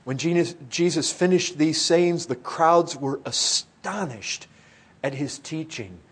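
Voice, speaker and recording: Middle-aged male preacher, earnest sermon delivery, husky, slightly high voice. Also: lively intonation, takes it slowly. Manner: earnest, swells loud then drops hushed.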